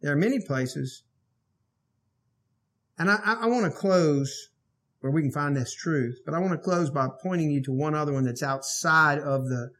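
A male pastor preaching a sermon, moving between quiet verse-by-verse teaching and loud, emphatic exhortation. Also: on the high side, normal speed.

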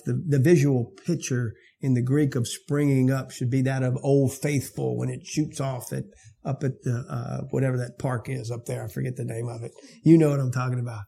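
A man's voice: medium pitch, steady tone, moderate pace, gravelly, dark tone, breathy edge. A male pastor preaching an expository sermon in a conversational way, often asking his listeners questions.

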